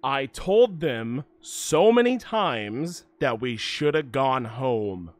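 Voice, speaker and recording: A man's voice: medium pitch, animated, slow, no echo. A young man streaming a game, chatting casually and animatedly, swearing and reading the text aloud. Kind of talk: casual let's-play commentary.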